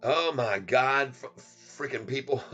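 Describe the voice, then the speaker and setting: A man in a casual live trading stream who speaks slowly and lingers over every word. His voice is bright and tense, and he keeps laughing and chanting silly rhymes. Soft music runs under him. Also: medium pitch, dull audio. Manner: playful, laughs often, chants goofy rhymes.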